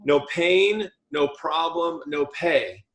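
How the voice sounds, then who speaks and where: A man coaching a dental team on talking with patients, lively and joking, acting out what a patient would hear. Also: a little high, takes it slowly. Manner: lively, jokey, acts out patient talk. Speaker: practice coach. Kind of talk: team training talk. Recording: echoey room.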